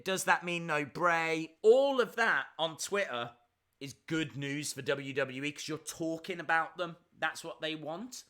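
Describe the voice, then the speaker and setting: A man's voice: fairly high pitch, a bit bright. A man hosting a live reaction stream, chatting and answering viewer questions as they come in.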